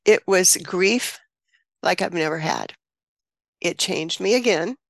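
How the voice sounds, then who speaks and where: Gravelly older woman telling her story. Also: fairly low pitch, animated, a bit bright, no echo, studio quality. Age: 70s. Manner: earnest, reflective, pauses and restarts often. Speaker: interview guest, birth mother and author. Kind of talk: personal storytelling in an interview.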